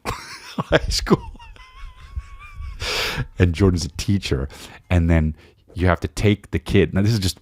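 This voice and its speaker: In a clean studio recording with no room sound, a man with a rumbling low, darkish voice tells a meandering comic story on his podcast. His monologue is casual and animated, full of acted-out quotes and restarted sentences.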